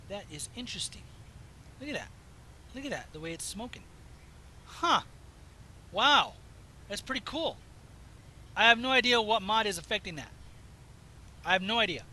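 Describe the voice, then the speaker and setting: A man from the Southwest United States, chatting casually and meandering as he plays a driving game, his voice slightly hoarse. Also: high voice, pushed and bright, a little hiss or hum, poor audio. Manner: chatty, meandering, self-interrupting. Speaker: gaming video host. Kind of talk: casual rambling commentary while playing.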